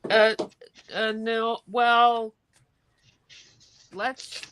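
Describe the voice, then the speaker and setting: A woman's voice: fairly high pitch, level tone, very slow, a bit bright, slight background noise. A woman helping on a live sale stream, teasing and hesitant with uhs.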